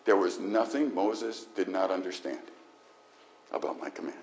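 A man's voice: deep voice, normal speed, a little mellow. A man voicing God as a stern figure firmly correcting a leader.

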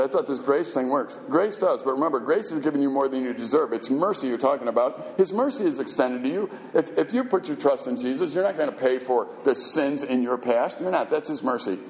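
A man's voice: medium pitch, darkish tone. A man preaching a sermon as a pastor, emphatic and conversational, firing off rhetorical questions. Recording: echoey hall reverb.

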